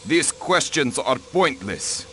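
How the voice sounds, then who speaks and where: An actor playing a proud diplomat count who speaks in a stiff, formal, imperious way. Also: male voice, mid-range voice, lively intonation, takes it slowly, a bit bright, slight background noise. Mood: cold. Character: cold, proud male diplomat count, protective of his wife.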